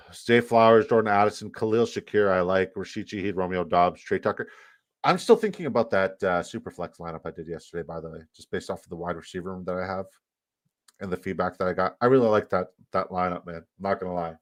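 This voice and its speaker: A man hosting a live fantasy football draft stream, talking fast in joking, profane banter. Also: sits low, no room sound.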